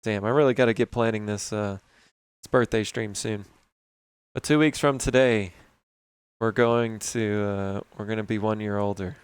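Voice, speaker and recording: A man in his thirties chatting casually on a live stream, relaxed and rambling as he talks with viewers while working. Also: fairly low pitch, moderate pace, smooth, no echo. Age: 30s.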